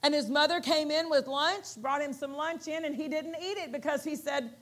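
A woman pastor preaching a sermon, telling a story with animated, acted-out quotes. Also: high-pitched, moderate pace, few pauses.

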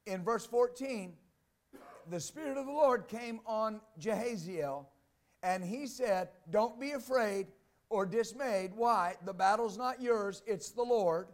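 High-voiced pastor preaching with emphasis. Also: male voice, slow pace. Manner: emphatic, repeats "Amen" and "believe that"; reads scripture aloud, then explains it. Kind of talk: sermon.

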